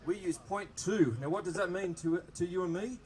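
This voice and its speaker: An Australian police presenter with a high voice speaks at a moderate pace to a live crowd at an outdoor open day. Through a loudspeaker microphone, he jokes around cheerfully and chats with the kids while presenting the demonstration.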